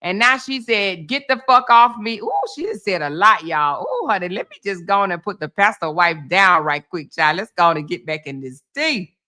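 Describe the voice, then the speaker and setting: A woman hosting a casual reaction commentary. She talks in an animated, exclaiming way and calls her viewers "y'all" and "honey". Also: fairly low pitch, normal speed, few pauses. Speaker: host.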